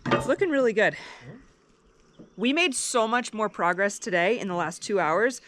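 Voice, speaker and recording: A woman's voice: medium pitch, animated, moderate pace, noisy background. A pregnant woman chatting casually for a vlog outdoors at a building site, laughing often. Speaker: vlogger.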